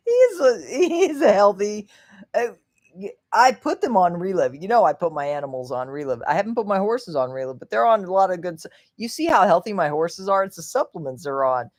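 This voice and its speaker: A woman hosting a casual livestream, a little tipsy, rambling, laughing often and swinging from hushed to loud and excited. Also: lowish voice. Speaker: livestream host.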